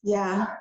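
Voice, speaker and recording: A woman's voice: mid-range voice, muffled recording. A woman living abroad tells a personal story to her followers in a casual, emotional vlog, repeating herself and getting tearful. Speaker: vlogger.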